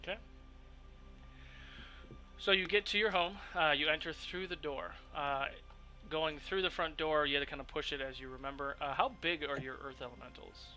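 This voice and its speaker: A man's voice: fairly high pitch, fairly even intonation, moderate pace, sharp tone, faint music behind, rough recording. A man narrating a tabletop game as game master, describing scenes loosely with lots of fillers.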